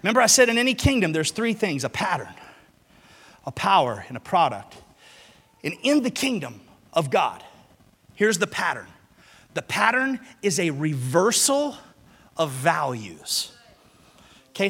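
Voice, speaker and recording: A man preaching a sermon to a congregation, moving from quiet teaching to loud, shouted passages and asking the room to repeat lines after him. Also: high-pitched. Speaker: pastor. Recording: long hall reverb.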